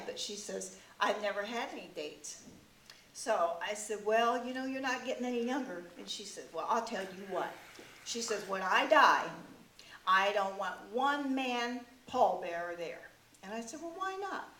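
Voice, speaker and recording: Woman doing an old widow comic, rambling and deadpan; recorded from across an echoey meeting room with hiss. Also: medium pitch, lightly acted. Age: older. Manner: folksy rambling storytelling with deadpan punchlines. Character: brassy old widowed woman, many husbands, self-mocking. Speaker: comic character performer. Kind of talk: stand-up character monologue. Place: club meeting room before a live audience. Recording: echoey room, distant mic, faint hiss.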